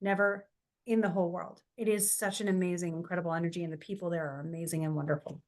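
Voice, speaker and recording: A woman's voice: fairly low pitch, steady tone, fast talker, a little mellow. A woman co-hosting a casual podcast, speaking earnestly and with heartfelt emphasis. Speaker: podcast co-host, astrologer.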